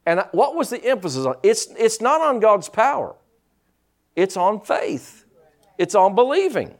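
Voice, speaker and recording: A middle-aged man preaching a sermon, lively with teasing humor and asides. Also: sits high, measured pace. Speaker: pastor.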